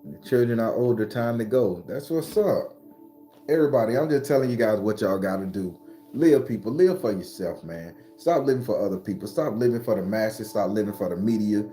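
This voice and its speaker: Forties guy preaching live-your-life stuff, cussing, jumps way up high when hyped, mellow warm voice. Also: a little fast, faint music behind. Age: 40s. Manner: animated, profane, preachy, rises to high excited pitch. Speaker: spiritual channel host. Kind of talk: casual motivational monologue.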